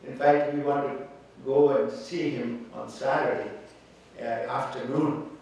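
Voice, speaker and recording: A man speaks at a funeral in a slow, halting way, full of pauses and fillers, then grows fervent when he reads scripture. He is heard from a distance in a very echoey church hall with faint background noise. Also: medium pitch, steady tone, a little mellow. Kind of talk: funeral tribute and scripture reading.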